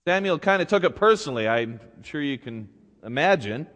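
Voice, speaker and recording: A man's voice: a little high, lively intonation, fairly quick, a bit bright, big-room sound. A man, a pastor, preaching a sermon who reads scripture and then retells it in a casual, joking way.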